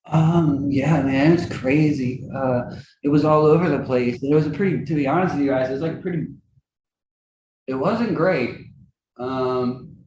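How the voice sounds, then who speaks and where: A man chatting casually as a musician guest in an interview, animated and laughing often. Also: unhurried, a little hiss or hum. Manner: animated, acts out quoted friends in high voices, laughs often. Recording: roomy with faint ambience.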